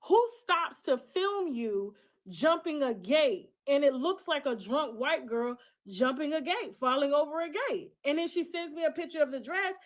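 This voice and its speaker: A high-pitched woman talks straight through a personal story without softening anything. She swears freely, leans hard on key words and slips into other people's voices to act out what they said. Her delivery is that of an online commentator holding forth. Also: lively intonation, moderate pace. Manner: blunt, profane and emphatic; acts out other people's lines mid-story. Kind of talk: casual storytelling monologue.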